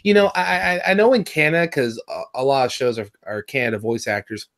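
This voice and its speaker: A man from California with a Californian accent, co-hosting a casual review chat, rambling and excitable with lots of fillers and restarts. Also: mid-range voice, fast talker. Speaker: podcast co-host reviewing a cartoon episode.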